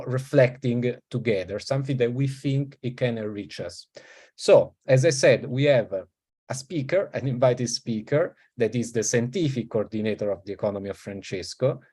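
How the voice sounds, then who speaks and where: Italian male host with a mid-pitched voice, halting, introducing a lecturer online. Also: warm tone. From Italy. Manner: hesitant, thinking aloud. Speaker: school coordinator, session host. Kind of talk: online welcome talk.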